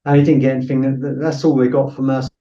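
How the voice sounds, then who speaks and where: Bloke spinning a yarn on a podcast, mellow voice, kinda dull sound. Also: male voice, medium pitch, level tone, fast. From Britain. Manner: anecdotal, acts out quoted voices, frequent fillers. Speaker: podcast guest, former soldier. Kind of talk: casual storytelling.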